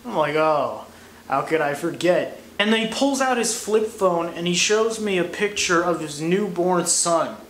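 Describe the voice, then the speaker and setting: A man's voice: high-pitched, normal speed, few pauses, a bit bright. A young American man giving a crude, sarcastic comedy monologue. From United States. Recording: echoey room, faint noise.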